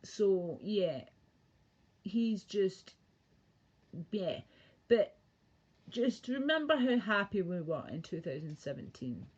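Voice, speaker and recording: A woman's voice: mid-range voice, very animated, slow, pauses often, breathy edge. A woman ranting casually and profanely on a livestream, rambling from one thought to the next. The sound is muffled, lo-fi audio. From Britain.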